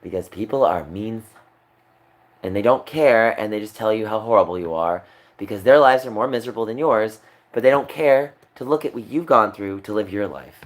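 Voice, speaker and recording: A man's voice: lowish voice, normal speed. Upset, rambling young man streaming. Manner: upset, rambling, repeats himself. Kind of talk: emotional livestream monologue.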